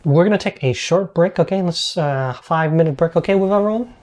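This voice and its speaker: A man's voice: on the high side, brisk, a little mellow. Man, game master, casual online tabletop game, hesitant, filler-heavy. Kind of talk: running a streamed tabletop game.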